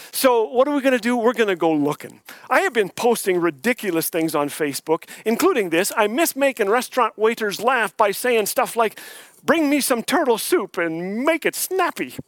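A man's voice: sits high, fairly bright tone, no echo. An older man preaching a sermon as a guest speaker, telling jokes and folksy stories. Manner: folksy, joking storyteller. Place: church sanctuary.

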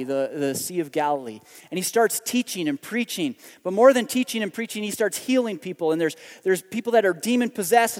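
A man's voice: high voice, in a large hall. A man preaching a conversational sermon as pastor, often restarting and repeating words as he thinks aloud.

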